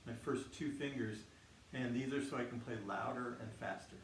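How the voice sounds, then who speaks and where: A man gives a relaxed music lesson for children, speaking plainly and breaking into simple explanations with small fillers. His voice sits at a middle pitch and rings through a roomy space, set a bit back from the microphone. Loud instrument music plays behind him. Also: moderate pace, far from the mic, slight background noise. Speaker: music teacher. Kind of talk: teaching a kids' music class on video. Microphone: single microphone near his instrument.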